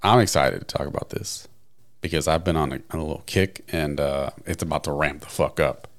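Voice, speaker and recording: A young married man co-hosting a podcast in relaxed casual chat, filling his sentences with "like" and "dude.". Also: extremely low pitch, fairly quick. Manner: relaxed, laid-back, uses "like" and "dude" a lot. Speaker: podcast co-host.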